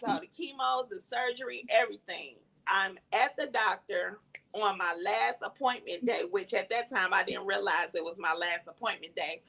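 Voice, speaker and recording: Gravelly woman telling a heartfelt story. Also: mid-range voice, fairly bright tone, poor audio. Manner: earnest, reflective storytelling with emotional emphasis. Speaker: guest, cancer survivor sharing testimony. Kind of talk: personal testimony in casual talk.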